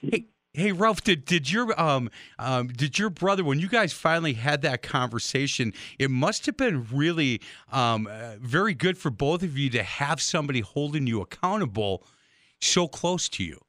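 A male radio host with a bright, crisp voice and a dry, close sound. He tells stories in an animated way and restarts his sentences often. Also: on the high side, moderate pace, dry recording. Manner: animated storyteller, many restarts. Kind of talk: conversational radio interview.

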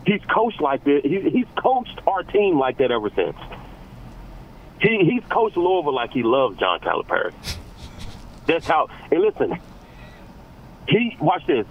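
A man calling into a sports radio show, ranting excitably and stumbling over repeated words. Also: on the high side, measured pace, long pauses, narrow, tinny audio, a little hiss or hum. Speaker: caller.

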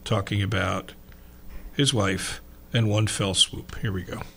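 Gravelly-voiced male radio host. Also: on the low side, steady tone, measured pace, sharp tone, a little hiss or hum. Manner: loose and chatty, lots of fillers. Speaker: radio sports show host. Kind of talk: casual radio chat.

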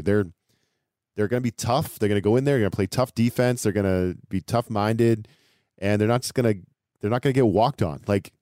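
Dark-voiced animated sports podcast man. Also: fairly low pitch, no echo, studio quality. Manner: animated, repetitive, laughing asides. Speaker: podcast co-host. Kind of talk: casual sports chat.

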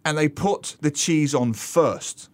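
A man with a slightly raised voice tells comic stories as a regular radio guest. His delivery is lively and humorous, with lots of expressive swings. He is the show's columnist contributor, chatting with the host. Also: on the high side, slow. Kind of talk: radio show conversation.

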